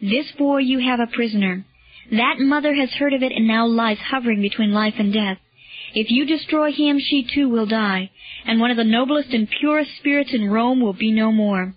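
A woman's voice: on the high side, normal speed, no room sound, close to an everyday voice. A woman reading the part of an earnest, self-sacrificing man who solemnly implores a friend, in a dull lo-fi recording. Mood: imploring.

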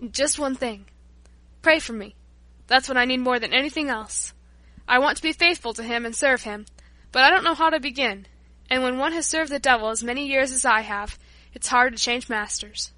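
A woman's voice: high-pitched, moderate pace, pushed and bright, dry recording. A woman voicing a humble, repentant workman. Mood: earnest, humble. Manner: earnest, pleading delivery. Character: humble repentant male Breton workman, former drunkard. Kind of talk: audiobook narration.

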